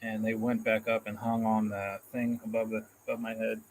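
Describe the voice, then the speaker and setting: A man's voice: on the low side, monotone, moderate pace, a little hiss or hum, rough recording. A man hosting a casual live stream, reading out comments in a rambling, self-deprecating way and chuckling often, into a phone camera. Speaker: livestream host.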